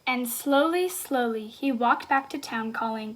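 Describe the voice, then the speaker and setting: A woman reading a picture book aloud, slow and expressive with emphatic repetition. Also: fairly high pitch. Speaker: storybook reader.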